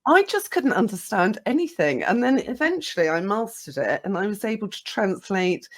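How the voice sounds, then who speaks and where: A woman with a South London accent, hosting a casual interview and talking with enthusiasm. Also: normal speed. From Britain. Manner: expressive, enthusiastic, swoops in pitch. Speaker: host.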